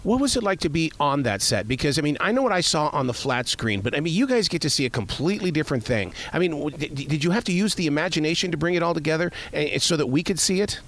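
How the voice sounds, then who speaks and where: A man's voice: a little high, expressive, fairly bright tone. A man hosting an interview, asking questions and praising his guest's film. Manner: effusive, quick to praise.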